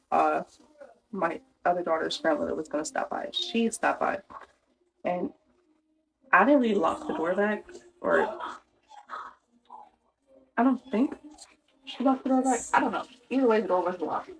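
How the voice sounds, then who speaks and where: A woman's voice: mid-range voice, rough recording. Exasperated young woman venting a story. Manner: exasperated, talks in restarts with lots of "like". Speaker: vlogger telling a personal story. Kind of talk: casual storytelling rant.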